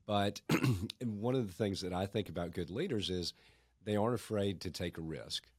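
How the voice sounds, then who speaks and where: A man's voice: deep voice, moderate pace, slightly rough, no echo, clean studio sound. A man hosting a podcast interview, asking questions in an admiring, chatty way. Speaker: podcast host.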